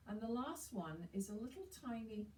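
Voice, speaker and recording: A woman guiding a chair yoga session, giving slow, soothing breathing instructions with gentle encouragement. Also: a little high, lively intonation, a little hiss or hum. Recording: roomy, distant mic with faint ambience.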